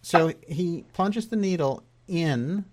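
A man's voice: a little high, slow, darkish tone. A man hosting an interview, asking curious follow-up questions. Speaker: interviewer, host.

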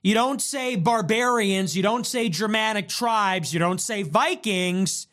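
A young man hosting a livestream, riffing casually in a mocking, animated way with lots of rapid repetition. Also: high voice. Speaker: livestream host.

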